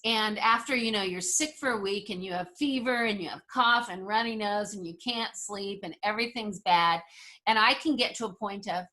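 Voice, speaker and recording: A woman teaching a resilience workshop, a lively storyteller who acts out dialogue and talks straight to her listeners. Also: mid-range voice, normal speed. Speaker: resilience instructor. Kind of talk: motivational workshop talk.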